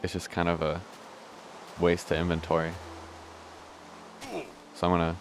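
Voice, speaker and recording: Deep-voiced young man rambling over gameplay. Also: monotone, normal speed, slight background noise. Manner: meandering, self-interrupting, swears casually. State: hiccuping. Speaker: let's play host.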